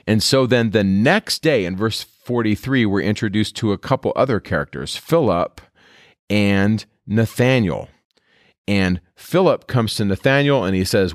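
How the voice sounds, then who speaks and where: Male podcast host, lowish voice, dry close recording, reads verses then explains casually. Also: lively intonation, moderate pace, no echo. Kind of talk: teaching commentary on scripture.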